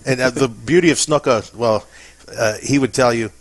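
A man's voice: medium pitch, normal speed, no echo. A man from Pennsylvania telling stories in a casual interview, chatty and self-deprecating. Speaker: interview guest.

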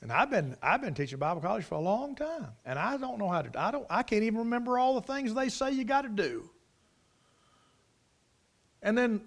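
A man's voice: high voice, very animated, brisk. A middle-aged man preaching a sermon in a folksy manner, swelling into emphatic bursts. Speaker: preacher, Bible college teacher.

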